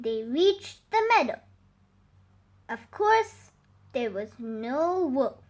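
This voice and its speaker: A woman reading a fable aloud for children in a slow, expressive, sing-song way. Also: high voice. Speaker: storyteller.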